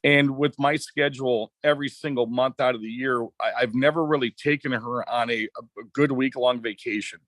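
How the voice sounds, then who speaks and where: A middle-aged man from Wisconsin, a former racetrack announcer, telling a story as a podcast guest in a chatty, animated way. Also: medium pitch, moderate pace, no echo. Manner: chatty, animated anecdotes with quoted dialogue. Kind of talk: casual storytelling.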